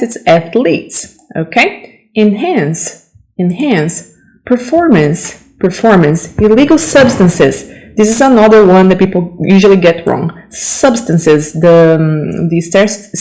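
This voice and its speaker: A woman's voice: mid-range voice, darkish tone, low-quality recording. A woman teaching English vocabulary, saying each word twice with careful pronunciation and stopping to correct common mistakes. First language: Portuguese. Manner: corrective, checks in with "okay?".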